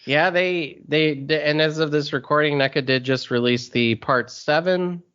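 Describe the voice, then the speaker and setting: Man, easygoing podcast co-host, chuckles between remarks, bright tone, dull lo-fi sound. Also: fairly high pitch, normal speed, clean tone. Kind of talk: casual chat.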